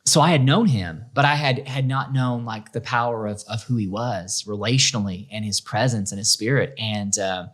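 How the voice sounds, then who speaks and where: A middle-aged man, a school principal, telling his story in a relaxed interview, lively and full of restarts as he acts out what others said. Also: on the low side, normal speed, hardly any pauses. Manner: animated, acts out quoted voices, many restarts. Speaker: school principal, podcast guest.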